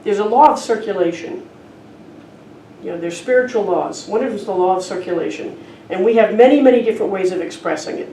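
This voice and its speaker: A woman's voice: medium pitch, fast, warm tone. A woman minister giving a sermon in a conversational storytelling manner, in a church. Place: church sanctuary. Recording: roomy, distant church hall recording with faint noise.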